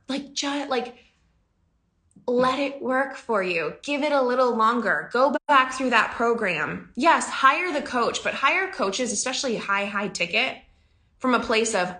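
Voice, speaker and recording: A woman's voice: fairly high pitch, animated, measured pace, pushed and bright. A woman business coach talking casually to her audience, chatty and emphatic, often laughing. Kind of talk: casual podcast talk. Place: home in the country.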